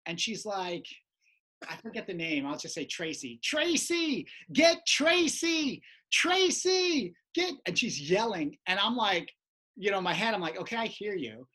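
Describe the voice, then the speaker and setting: A woman podcast host telling a stage story in casual chat, acting out shouting voices. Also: on the low side, normal speed, slightly rough. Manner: lively storyteller who shouts out quoted voices.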